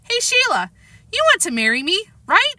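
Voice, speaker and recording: A woman voicing an excitable, bratty little boy in a storybook reading. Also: very high-pitched, normal speed, no echo, voice pushed up, heavily acted. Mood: excited. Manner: sing-song, excitable.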